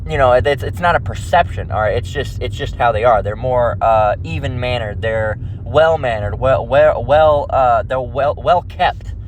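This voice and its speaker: A man delivers an informal scripture lesson in a rambling, conversational way, tagging nearly every phrase with a quick "all right" or "okay." His voice sits at an ordinary middle pitch, and faint traffic hums in the background. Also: low-quality recording. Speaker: religious teacher.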